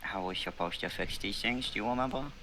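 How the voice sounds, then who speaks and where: A man's voice: fairly low pitch, brisk, pushed and bright, slight background noise, low-quality recording. A man chatting as a tabletop game player, sarcastic and blunt. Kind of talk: casual game table chat.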